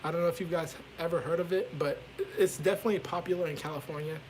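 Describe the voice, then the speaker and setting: A man's voice: a little high, steady tone, fast talker, darkish tone, slight background noise, rough recording. A young man vlogging a casual storytime from his bedroom, candid and rambling, swearing freely as he talks.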